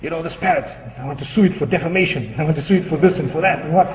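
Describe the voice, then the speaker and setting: A man's voice: a little high, racing, natural voice. A man doing a haughty, indignant lady. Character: haughty indignant woman, adult. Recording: echoey hall, distant mic.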